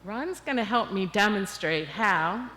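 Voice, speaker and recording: An older woman guest speaker leading a congregation in laughter exercises, animated and coaxing. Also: mid-range voice, unhurried. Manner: animated, coaxing, bursts into cheering and chanting. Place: church sanctuary. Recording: long hall reverb.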